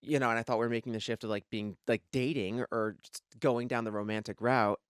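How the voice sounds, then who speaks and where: A man co-hosting a podcast in a studio, an animated storyteller who acts out other people's lines in casual chat. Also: medium pitch, a little fast, smooth, dry recording. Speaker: podcast co-host.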